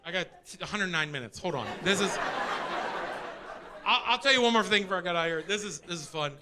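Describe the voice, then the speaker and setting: A middle-aged male stand-up comedian, doing an energetic, profane, exasperated set on a live stage. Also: high-pitched, fast talker, noisy background. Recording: live show with audience laughter.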